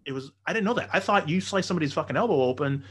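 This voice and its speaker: A man telling stories in a casual chat, profane and animated, often acting out the people in his stories. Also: fairly high pitch, racing, slightly rough.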